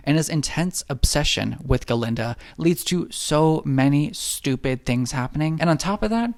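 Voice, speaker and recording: Gravelly sarcastic man recapping a movie. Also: fairly high pitch, darkish tone. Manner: sarcastic, rapid-fire jokes with put-on quote voices. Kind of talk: comedic movie recap narration.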